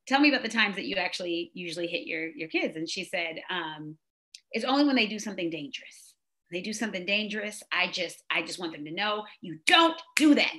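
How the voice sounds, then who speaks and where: Bright, lively woman host telling stories. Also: medium pitch. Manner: animated storyteller, acts out quoted exchanges. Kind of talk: casual conversation on parenting.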